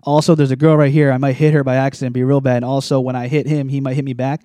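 Fast-talking young man rambling. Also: medium pitch, flat delivery, dark tone, no room sound. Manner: rambling, many likes and restarts. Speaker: guest telling a story. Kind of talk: casual podcast chat.

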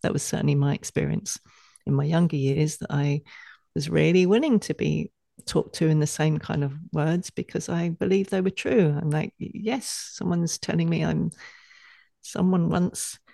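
A woman appears as a guest on a casual podcast, animated and quick to laugh as she performs her own inner voices. Her voice is low-pitched and creaky, and the clean studio recording has no echo.

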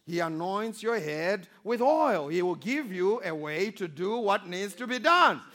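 High-voiced pastor preaching. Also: male voice, big pitch swings, a little slow. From Zimbabwe. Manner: preaching with rising calls for amen and audience response; swings from loud exhortation to quiet storytelling. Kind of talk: sermon.

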